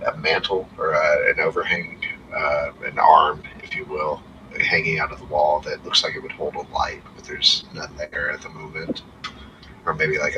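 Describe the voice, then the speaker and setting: A man's voice: rumbling low, bright, forceful tone. A man narrating a tabletop game as game master, in a casual and meandering way. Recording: distant mic, faint background noise.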